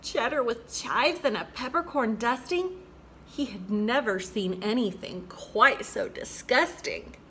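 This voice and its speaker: A woman hosting a children's program and reading a rhyming picture book aloud with an expressive, rhythmic delivery. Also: fairly high pitch, measured pace, a little hiss or hum. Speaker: children's storyteller host.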